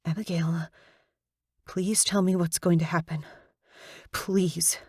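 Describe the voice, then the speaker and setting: A woman's voice: lowish voice, fairly even intonation, takes it slowly, a little mellow, slightly rough, dry recording, clean studio sound. A woman voicing a frightened young female college student held captive, who talks in a panicked, pleading way. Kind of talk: audiobook dialogue.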